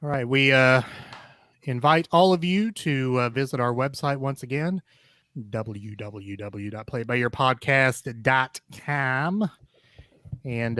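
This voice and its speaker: A man's voice: mid-range voice, fairly bright tone, clear, resonant tone, dry recording, clean studio sound. A man co-hosting a casual comedy podcast, talking with lots of hesitant fillers and laughing often. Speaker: podcast co-host. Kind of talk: casual chat.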